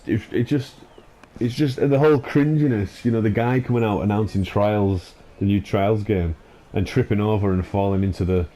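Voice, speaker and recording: A man hosting a gaming channel rants over gameplay, exasperated and sweary, with lots of fillers and restarts. His voice is fairly low and dark-toned.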